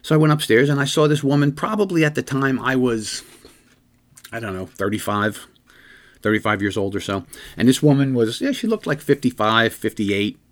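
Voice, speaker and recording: A man's voice: medium pitch, expressive, normal speed. Earnest man telling a police story. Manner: earnest, rambling, with frequent restarts. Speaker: podcast host and police detective. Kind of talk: conversational storytelling.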